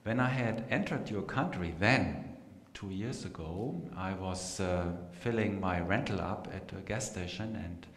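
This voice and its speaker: A man with a German accent giving an unhurried live talk to an audience, pausing often with fillers. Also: low voice. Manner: unhurried, hesitant with many fillers. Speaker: meditation teacher giving a talk. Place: meeting room with a live audience. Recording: echoey hall, faint noise.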